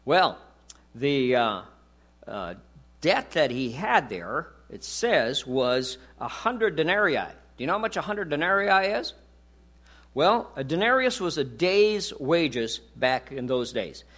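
Guy pastor giving a sermon, kinda high voice, chatty, asks the crowd questions. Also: sing-song, slow, fairly bright tone. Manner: conversational, rhetorical questions and jokes.

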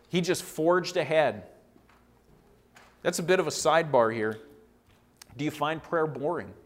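A man preaching a sermon in an earnest, conversational way, repeating phrases for emphasis and briefly acting out quoted lines. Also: a little high.

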